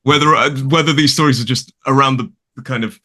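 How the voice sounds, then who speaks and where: British man, middle-aged, bright clear tone, chatty and digressive, lots of fillers. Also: medium pitch, fast talker. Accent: British English. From United Kingdom. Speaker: English teacher guest. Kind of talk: casual conversation.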